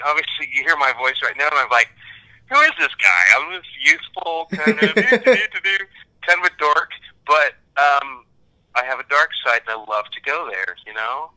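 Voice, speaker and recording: An American man from Kansas, an actor, chatting casually in an interview in a rambling, animated, self-deprecating way. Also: mid-range voice, low-quality recording. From Kansas, United States. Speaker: actor guest.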